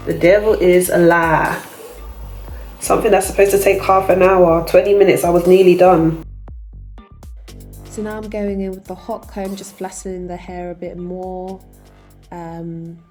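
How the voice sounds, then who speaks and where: A young woman, calmly narrating her hair tutorial step by step. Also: on the low side. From United Kingdom. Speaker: vlogger. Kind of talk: voice-over tutorial.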